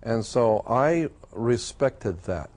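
Man with a dark, mellow voice telling a story. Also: medium pitch, lively intonation. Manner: conversational, with frequent "uh" and "um" pauses. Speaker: storyteller recounting a personal experience. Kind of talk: casual spoken storytelling.

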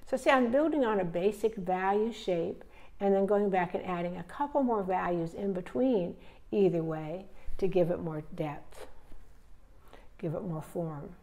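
A woman teaching painting, relaxed and thinking aloud step by step as she paints. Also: lowish voice, measured pace. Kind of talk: narrating a live painting demonstration.

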